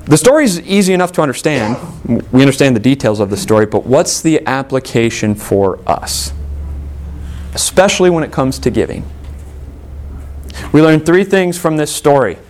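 A man's voice: mid-range voice, sing-song, normal speed, a little mellow, a little hiss or hum. Man preaching with rhetorical questions. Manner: asks rhetorical questions, emphatic. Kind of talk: sermon.

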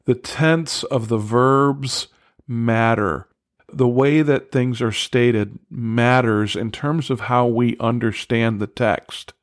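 Male Bible teacher, unhurried, earnest, emphatic, dry close sound. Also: medium pitch, dry recording. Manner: earnest, emphatic on key words, asks listeners directly.

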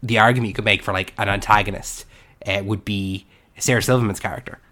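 A young man chats about a film on a podcast. His voice sits low, and he talks with lively enthusiasm, jumping into the characters' lines as he goes. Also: quick pace. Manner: animated, acts out scenes from the film. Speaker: podcast co-host. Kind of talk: casual film discussion.

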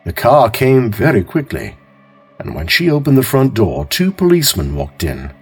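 A man hosting and narrating a calm mystery story in a measured, expressive way. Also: medium pitch, husky, soft background music. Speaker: host and narrator.

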